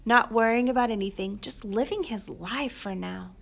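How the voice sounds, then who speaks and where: A woman voicing a gentle mother soothing her sick young son, soft and a little hesitant. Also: fairly high pitch, moderate pace, gravelly. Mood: tender.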